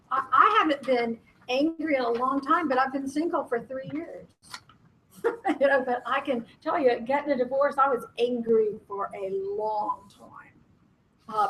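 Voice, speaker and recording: A woman's voice: sits high, a bit bright, slight background noise, low-quality recording. A woman facilitating a conference workshop, speaking candidly and with self-deprecating humor, laughing often.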